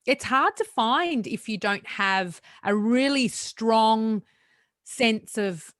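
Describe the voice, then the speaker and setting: A woman podcast host asking gentle, searching questions, using fillers as she goes. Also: on the high side, takes it slowly, no room sound, studio quality. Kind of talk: interview questions.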